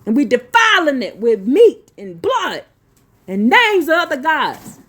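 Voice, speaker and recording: A woman reading religious notes slowly, then breaking into blunt, profane, scolding asides. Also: high voice, sing-song, a bit bright. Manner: slow deliberate reading broken by scolding rants. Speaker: religious teacher.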